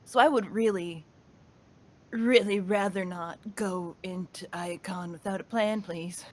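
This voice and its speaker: A woman's voice: medium pitch, measured pace. A woman playing a tabletop game casually, rambling with many restarts. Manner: rambling, lots of restarts and fillers. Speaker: player.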